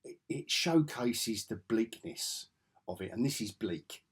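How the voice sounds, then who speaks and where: A man's voice: fairly low pitch, animated, takes it slowly, slightly rough. An English man with an enthusiastic, rambling way of talking, reviewing comic books in a casual vlog. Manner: rambling, enthusiastic, self-correcting.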